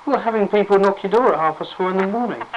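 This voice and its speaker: A man's voice: high-pitched, fast, dull audio, a little hiss or hum. A man on the phone, exasperated and indignant. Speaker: call recipient. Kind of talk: phone argument. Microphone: telephone line.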